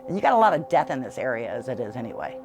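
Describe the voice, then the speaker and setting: Low-voiced middle-aged woman, halting testimony. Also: very animated, over music. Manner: halting, repeats words, earnest. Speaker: homeowner interviewed about hauntings. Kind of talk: emotional interview testimony. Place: in her home.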